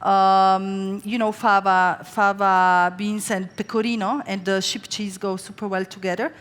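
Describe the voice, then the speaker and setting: A Slovene-native woman chef speaks a little slowly in a mid-range, level and slightly bright voice. She tells chatty stories during a live stage cooking demo in a large hall, full of fillers and restarts, with long reverb from the room.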